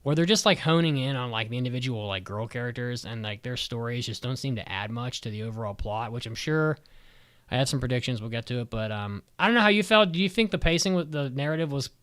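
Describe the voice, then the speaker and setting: A man's voice: medium pitch, lively intonation, fast talker, fairly bright tone, clear, resonant tone. A man co-hosting a podcast, chatting casually with blunt, profane opinions and lots of filler words. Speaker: podcast co-host. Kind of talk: casual chat.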